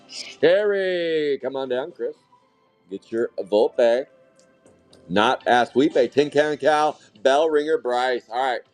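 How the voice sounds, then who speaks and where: A man hosting a live trading card break, calling out each pull with hype-filled, casual commentary and the odd curse. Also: medium pitch. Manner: hype-driven, excitable calling of card pulls, casual swearing.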